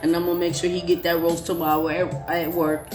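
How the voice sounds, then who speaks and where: A woman's voice: lowish voice, little pitch movement, fairly quick, over music. A woman hosting a casual live stream, playful and joking, laughing often between lines.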